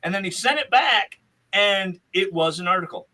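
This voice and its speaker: A chatty man hosts a relaxed podcast chat. His voice sits high and sounds bright and forceful, and his talk rambles with frequent laughter. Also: normal speed. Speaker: podcast host.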